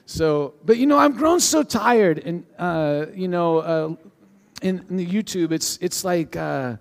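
A male pastor giving a sermon to his congregation in a conversational, animated way, with frequent restarts. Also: sits high, a little slow, gravelly. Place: church sanctuary with a live congregation. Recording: long hall reverb.

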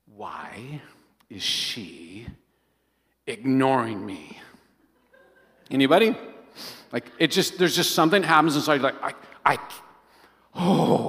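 A middle-aged pastor preaches with a slightly raised voice, telling stories in an animated way and turning to the congregation with quick questions. His sermon rings out through a large hall with a long reverb trailing after each phrase. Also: fairly high pitch. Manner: animated storyteller, often asking the congregation questions.

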